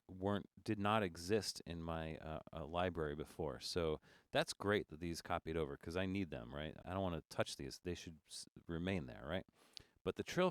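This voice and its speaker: A man teaching music notation software in a screen-recorded tutorial, talking through steps in a relaxed way with fillers and restarts. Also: low voice, clear, resonant tone, dry recording, clean studio sound.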